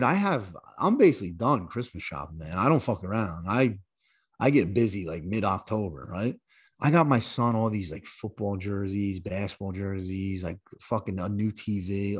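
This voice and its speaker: A man in his thirties, a podcast co-host, telling profane, animated stories in casual chat. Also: on the low side, breathy edge, no room sound.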